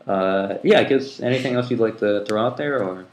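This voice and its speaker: Male podcast host, lowish voice, rambling and filler-heavy, roomy echo. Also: brisk. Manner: rambling, many ums and restarts, laughs easily. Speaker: public access TV coordinator and podcast host. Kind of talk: casual podcast chat. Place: room at a community TV station.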